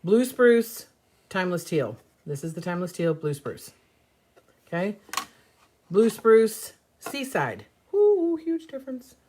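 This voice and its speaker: A middle-aged woman hosting a casual live stream, chatty and upbeat, a little hoarse while getting over an illness. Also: on the low side, very animated, slow, long pauses, darkish tone. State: recovering from covid, slightly hoarse. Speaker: host of a live paint demo.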